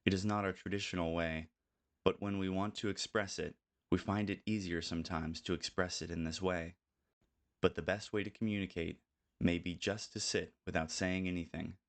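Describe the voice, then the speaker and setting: Calm older man, very low voice. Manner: calm, measured reading. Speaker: audiobook narrator. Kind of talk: scripted narration.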